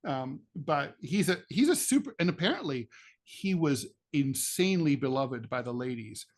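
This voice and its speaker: A man's voice: mid-range voice, animated, normal speed. A middle-aged man co-hosting a political podcast, telling rambling stories with jokey asides in casual chat. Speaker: podcast co-host, political cartoonist.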